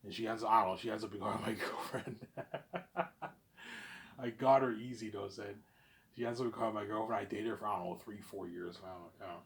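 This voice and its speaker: A man's voice: lowish voice, fairly even intonation, fairly quick, long pauses, slight background noise. Man vlogger, unscripted boastful ramble, repeats himself, volume jumps around. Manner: repetitive, boastful, keeps saying obviously; swings between loud bursts and mumbling. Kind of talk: rambling monologue.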